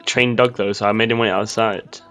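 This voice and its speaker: A man's voice: lowish voice, steady tone, fairly quick, fairly bright tone. Jokey man at a tabletop game. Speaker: player. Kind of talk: in-character tabletop chat.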